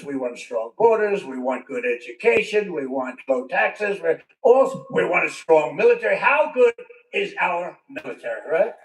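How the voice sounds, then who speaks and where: A man's voice: high-pitched, slight background noise. Older man rambling at a rally. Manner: rambling, repetitive, with conversational asides. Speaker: politician giving a speech. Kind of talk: rally speech. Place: large venue with a crowd. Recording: roomy sound, distant from the mic.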